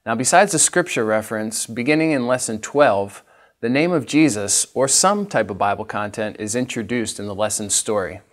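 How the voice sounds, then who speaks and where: A man's voice: medium pitch, moderate pace. A man teaching a literacy training session, patiently demonstrating each step for teachers. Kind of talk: instructional training talk.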